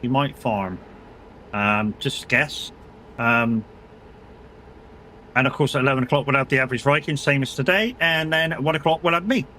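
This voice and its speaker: A man's voice: medium pitch, normal speed, long pauses, bright, forceful tone, a little hiss or hum. A man streaming a game live, chatting casually, swearing freely and bantering with his chat. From United Kingdom.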